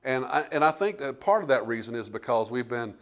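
A man preaching a sermon as pastor, folksy and fervent, swinging from hushed lines to loud ones. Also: mid-range voice, lively intonation, brisk. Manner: folksy, repeats words and restarts.

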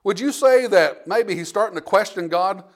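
A man's voice: high-pitched, moderate pace. A man preaching a sermon in a conversational way, repeating himself and acting out quotes from scripture. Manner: conversational preaching with frequent restarts and acted-out quotes. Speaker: pastor.

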